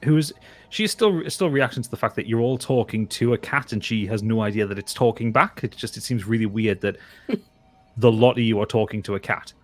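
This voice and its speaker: Low-voiced game master narrating. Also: male voice, brisk. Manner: stumbling restarts, laughing asides.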